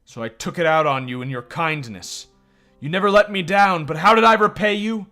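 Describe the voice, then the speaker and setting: A man's voice: a little high, normal speed, sharp tone, faint music behind, pitched above the performer's own voice. A man reading aloud as an anxious, remorseful young woman from a game, raising his voice. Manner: earnest, self-reproaching reading.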